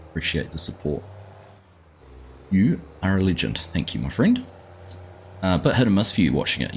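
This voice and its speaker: With a low, gravelly voice, a middle-aged Australian streamer hosts a live gaming session, greeting his viewers by name and tossing around mate. A slight hiss or hum runs underneath.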